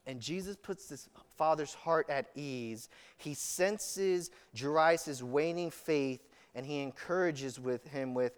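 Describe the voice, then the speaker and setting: A man's voice: on the high side, takes it slowly, few pauses, smooth, big-room sound. A man preaching a sermon as pastor, telling stories earnestly with frequent restarts.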